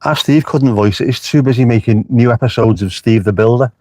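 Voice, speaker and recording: This man's voice is medium in pitch, brisk, and darkish, with no room sound. He's outside near the beach, chatting with his stream's viewers, cursing freely and replying to their comments, as traffic goes by amid faint street noise.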